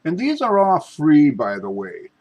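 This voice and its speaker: A man demonstrating ghost box apps, talking in a halting way with many restarts and calling out politely to spirits. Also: fairly high pitch, huge pitch swings, highs cut off. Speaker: paranormal investigator.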